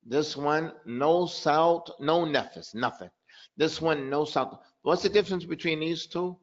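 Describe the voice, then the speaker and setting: A man's voice: fairly high pitch, measured pace. Man, tajweed teacher, drills example words, dull lo-fi audio. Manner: drills pronunciation with repeated examples and quiz questions. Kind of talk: live online lesson.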